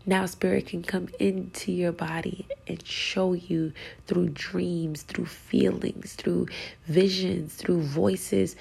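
A woman preaching in a slow, deliberate sermon, her low voice heavily gravelly and rough. She urges her listeners intensely and keeps slipping into a hushed whisper. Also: flat delivery. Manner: emphatic, urging. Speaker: spiritual speaker.

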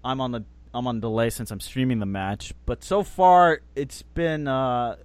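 A man's voice: medium pitch, measured pace, smooth, no echo. A man hosting a casual soccer podcast, playful and teasing with his co-hosts. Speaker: podcast host. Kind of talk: casual chat.

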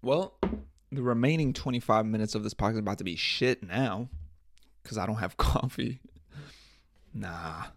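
A man's voice: on the low side, normal speed, pauses often. A young man hosting a casual solo podcast, telling stories in profane slang and laughing often. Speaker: podcast host.

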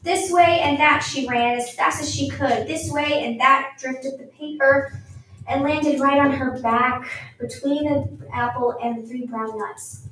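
A woman reading a picture book aloud for children at storytime in a lively, expressive way. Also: high voice, unhurried, a little hiss or hum. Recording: very echoey room, mic far off.

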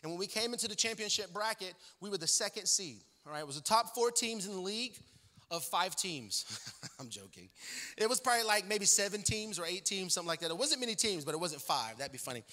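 Man, guest pastor, comic storyteller in a sermon; bright voice in an echoing sanctuary. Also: high voice, lively intonation, fast. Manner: joking, conversational, many fillers. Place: church sanctuary. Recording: long church-hall reverb.

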